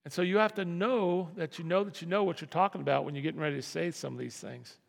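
A man's voice: fairly high pitch, fairly even intonation, fast talker, gravelly. A man preaching a sermon as pastor, talking in a conversational way that repeats and restarts phrases. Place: church sanctuary. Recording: long reverb of a hall.

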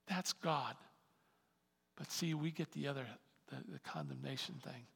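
A man preaching a sermon as pastor, with animated delivery that swings from quiet asides to shouted emphasis. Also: medium pitch, unhurried, creaky, pauses often, husky, big-room sound.

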